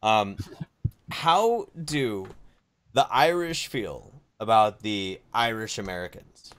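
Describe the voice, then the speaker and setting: A man co-hosting a live-streamed podcast, chatting casually and excitably asking long questions. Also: on the low side, takes it slowly, clear, resonant tone. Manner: excitable, asks questions at length. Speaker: podcast co-host.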